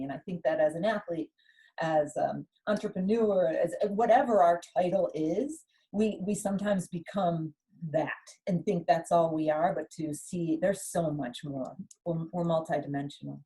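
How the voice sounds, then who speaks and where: Middle-aged woman guest, warm low voice, lively storyteller who acts out what people said. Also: normal speed, rough recording. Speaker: guest, former Olympic skier. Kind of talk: conversational interview.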